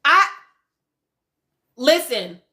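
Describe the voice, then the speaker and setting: A woman's voice: high-pitched, extremely slow. A woman hosting a casual reality-show recap livestream, talking bluntly and profanely. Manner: blunt, profane, animated commentary with laughs. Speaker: podcast host.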